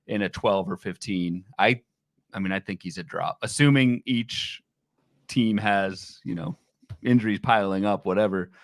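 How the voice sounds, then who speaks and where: A man's voice: fairly low pitch, fairly bright tone, no room sound. Man co-host with a dry close sound. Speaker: fantasy baseball podcast co-host. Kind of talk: casual sports chat.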